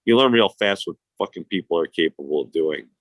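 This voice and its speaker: A man's voice: sits low, expressive, brisk, dry recording. A man, telling stories in casual, profane, rambling chat as a podcast host. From Chicago. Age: 50s.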